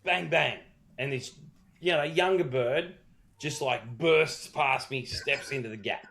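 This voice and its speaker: A man's voice: mid-range voice, unhurried, gravelly, bright, forceful tone. An Australian man co-hosting a podcast, telling a rambling, swear-heavy story in casual chat. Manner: profane, rambling storyteller with many restarts. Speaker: podcast co-host.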